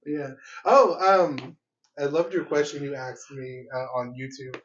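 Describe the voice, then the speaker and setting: A man's voice: mid-range voice, unhurried, fairly bright tone, far from the mic. A young man hosting a podcast in casual chat, laid-back, laughing often and swearing casually. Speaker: podcast host. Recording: dull lo-fi podcast audio.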